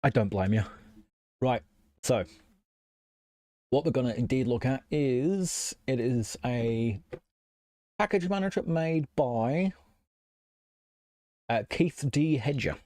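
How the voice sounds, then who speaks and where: A man's voice: medium pitch, animated, slow pace, pauses often, darkish tone, no room sound. A man streaming live while he works on a computer build, thinking aloud, answering chat and often apologizing. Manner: apologetic, self-conscious.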